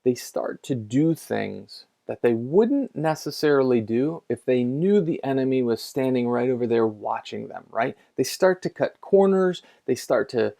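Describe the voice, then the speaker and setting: A man's voice: mid-range voice, vocal fry, dark tone. A middle-aged man, a pastor, telling a story in a casual conversational sermon, chatty with lots of fillers and restarts.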